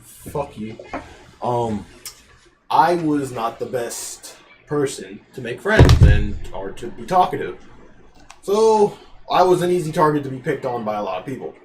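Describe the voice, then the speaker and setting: A man's voice: mid-range voice, very animated, unhurried, background noise. A young man hosting a podcast, rambling through a school story in a loose, swear-heavy casual chat. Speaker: podcast host.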